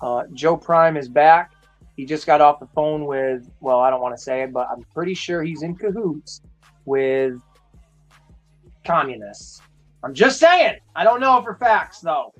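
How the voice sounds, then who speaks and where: A man hosting a casual livestream chat, crude and joking, with quick asides. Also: a little high, lively intonation, dull audio, soft background music. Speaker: host.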